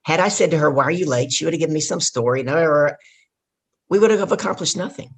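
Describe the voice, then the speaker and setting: A woman business coach, a podcast guest, telling a lively story and acting out what people said. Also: deep voice, fairly quick, husky. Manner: animated storyteller who acts out dialogue. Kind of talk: storytelling interview.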